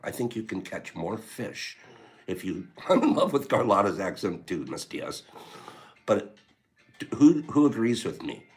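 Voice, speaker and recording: A man's voice: lowish voice, big pitch swings, unhurried. Rambling, teasing livestream host man. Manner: rambling, teasing, laughs often. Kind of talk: casual chat reading viewer comments.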